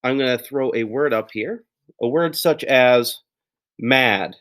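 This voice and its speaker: A man's voice: mid-range voice, takes it slowly, fairly bright tone. Upbeat man teaching young kids. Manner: upbeat, encouraging, with playful exclamations. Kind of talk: recorded lesson for young children.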